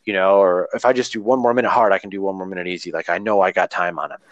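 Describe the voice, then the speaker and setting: Man, earnest rambling talker, lowish voice, dry close sound. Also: steady tone, rapid-fire, no echo, muffled recording. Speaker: runner talking about training. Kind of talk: casual podcast conversation.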